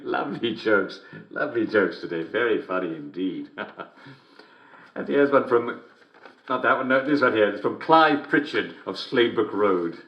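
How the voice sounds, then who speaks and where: A man's voice: fairly low pitch, expressive, normal speed, reverberant, dull audio. An actor playing a creepily upbeat male radio comedy host, who chuckles constantly between lines in an in-game radio broadcast. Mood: chuckling.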